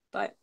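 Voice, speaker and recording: A Canadian woman co-hosting a craft livestream, chatting casually and hesitantly with lots of fillers. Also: highs cut off. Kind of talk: casual chat while crafting.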